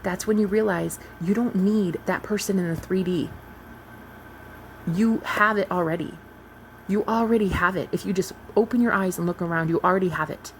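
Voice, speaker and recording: In a casual spiritual vlog, a thirty-something manifestation coach speaks earnestly to her audience in a mid-range voice at normal speed. The rough recording has a little hiss or hum.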